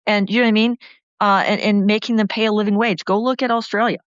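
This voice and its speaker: In impassioned political talk that keeps running on, a woman speaks fast at medium pitch with fairly even intonation. Her recording is dry and sounds dull and lo-fi.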